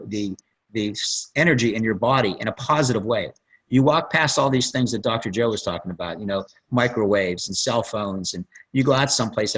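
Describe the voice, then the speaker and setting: Husky man rambling through a call. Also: medium pitch, fairly bright tone, low-quality recording. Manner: rambling storyteller, acts out quotes. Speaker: plastic surgeon guest. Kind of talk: conference call testimonial.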